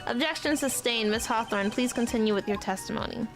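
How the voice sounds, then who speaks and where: A woman voicing an elderly male judge giving brisk, formal rulings in a video game. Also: on the high side, over music, close to an everyday voice, poor audio.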